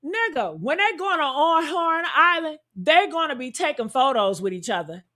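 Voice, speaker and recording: Woman host, high voice, blunt heated reaction commentary. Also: sing-song, moderate pace, sharp tone. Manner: blunt, fired-up, rhetorical questions.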